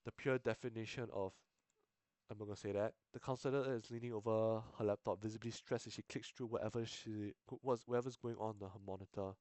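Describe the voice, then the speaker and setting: A young man with a lowish, slightly mellow voice and fairly even intonation reads a visual novel aloud on stream, with no room sound. It's casual game reading with asides, and he swears, stumbles, interrupts himself, and restarts lines.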